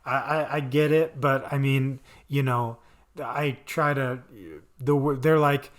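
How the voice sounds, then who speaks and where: A man's voice: medium pitch, little pitch movement, slow. A man reviewing a TV episode in casual chat, rambling with lots of fillers. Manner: rambling, filler-heavy, enthusiastic. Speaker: video reviewer.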